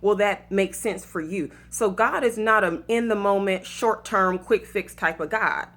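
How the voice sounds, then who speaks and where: A woman's voice: medium pitch, measured pace, fairly bright tone. A woman from Atlanta with a Southern accent, telling a personal story and giving relationship advice in a chatty, casual way full of fillers and faith-based asides. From Atlanta, Georgia, USA. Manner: chatty, lots of fillers, laughs at her own story, preachy asides.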